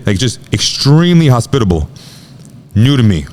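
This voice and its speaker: Man in his thirties, podcast guest, rapid slangy storytelling, lowish voice. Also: a little mellow. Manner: rapid slangy talk, says bro a lot. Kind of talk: casual storytelling.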